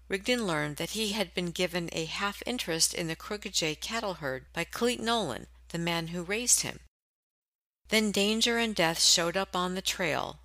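A woman reading a book summary and introduction in a smooth, even manner. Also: on the low side, no room sound. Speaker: audiobook introducer.

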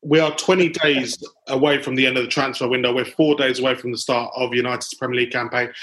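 A man's voice: medium pitch, steady tone, fast, fairly bright tone. Male podcast host, mid-range voice, bantering call recording. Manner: chatty, jokey, banter with fillers. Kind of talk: casual chat.

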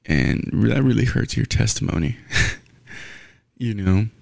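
A man's voice: animated, measured pace, dark tone, dry recording, clean studio sound. A man giving a blunt, profane, rambling sports rant in casual talk, full of restarts. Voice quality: gravelly, low.

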